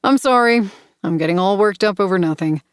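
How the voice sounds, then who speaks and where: A woman reading the part of a charming but edgy young man in an audiobook, smooth and then suddenly intense. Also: mid-range voice, fairly quick, no echo, clean studio sound, close to an everyday voice.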